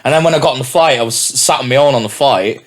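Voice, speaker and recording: Speaking very fast in a mid-range voice, a young DJ and MC on a podcast keeps the chat relaxed and frank, with plenty of swearing.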